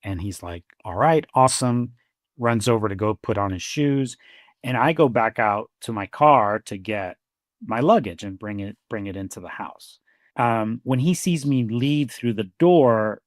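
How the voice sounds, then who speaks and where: A man's voice: on the low side, expressive, measured pace, no room sound, studio quality. A man who works as a therapist, co-hosting a conversational podcast in a reflective storytelling way, acting out quoted dialogue and often saying "you know" and "like.".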